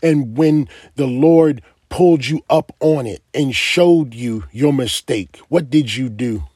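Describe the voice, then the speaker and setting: Slow, husky-voiced male preacher. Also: mid-range voice, darkish tone, dry recording, clean studio sound. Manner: emphatic, asks the listeners direct questions. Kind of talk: sermon.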